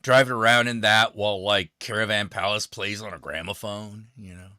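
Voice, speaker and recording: A man's voice: on the low side, fairly even intonation, normal speed, sharp tone, clean tone, dry recording, clean studio sound. A man chatting casually as a stream co-host, easygoing and wry. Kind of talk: casual live-stream chat.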